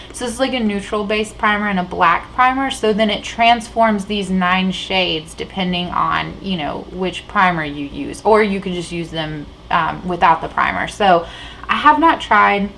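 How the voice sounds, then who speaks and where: A woman's voice: medium pitch, measured pace, vocal fry, bright, forceful tone, a little hiss or hum, poor audio. A woman vlogging about beauty products in a rambling, chatty way, full of fillers and restarts, while sitting at a table indoors. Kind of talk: casual chat.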